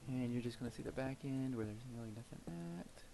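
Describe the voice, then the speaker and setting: A man's voice: medium pitch, level tone, fast, noisy background. Rambling, chatty man talking while gaming. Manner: rambling and chatty, with frequent fillers and laughs. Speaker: gameplay video creator. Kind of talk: casual gameplay commentary.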